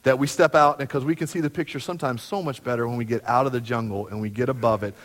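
A man preaching a sermon as pastor, talking conversationally and acting out everyday dialogue. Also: fast. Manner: conversational, acts out everyday dialogue with lively jumps in pitch. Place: church sanctuary. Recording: long hall reverb from the sanctuary.

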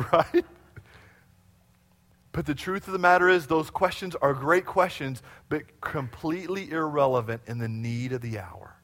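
Male pastor, fairly high voice, lively sermon delivery that asks the congregation to repeat lines after him. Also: unhurried.

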